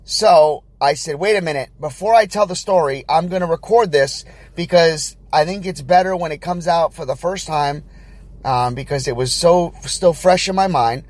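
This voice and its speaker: A man's voice: fairly high pitch, moderate pace. New father telling a rambling story. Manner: rambling, animated storytelling with many restarts. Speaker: podcast host. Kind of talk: personal storytelling.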